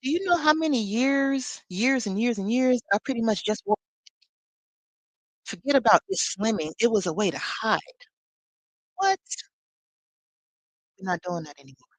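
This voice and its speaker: A woman's voice: on the high side, lively intonation, moderate pace, pauses often, no room sound, rough recording. A woman leading a live spiritual teaching, talking expressively with sassy, conversational asides.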